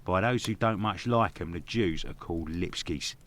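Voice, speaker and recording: A man's voice: low-pitched, moderate pace, fairly bright tone. An actor playing a blunt, gossipy working-class barman in a video game. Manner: blunt, gossipy, rough-spoken.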